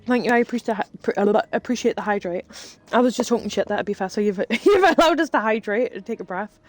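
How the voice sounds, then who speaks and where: A woman's voice: on the high side, lively intonation, fast. A woman streaming live, telling rambling stories in casual chat while she plays a game and swearing freely. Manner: chatty, rambling storyteller who swears freely.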